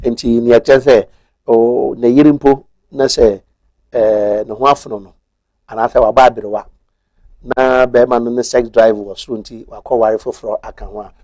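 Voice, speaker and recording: On a TV talk show, a Ghanaian man appears as a guest and methodically explains marriage law, switching between Twi and English. His mid-range voice is level and darkish, delivered at a moderate pace in a dry studio with no echo.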